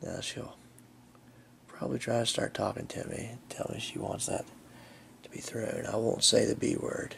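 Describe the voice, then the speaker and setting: A man's voice: fairly low pitch, fairly even intonation, normal speed, creaky, fairly bright tone, a little hiss or hum. A man chatting casually outdoors, narrating a game of fetch and fondly coaxing his dog. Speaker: channel host. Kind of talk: casual vlog commentary while playing fetch.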